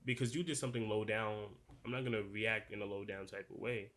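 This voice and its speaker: Young male podcast co-host, accented, earnest and rambling, on the low side. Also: steady tone, fairly quick, fairly bright tone. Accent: noticeable non-standard accent. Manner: earnest, loose, full of "like" and restarts. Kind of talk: casual podcast discussion.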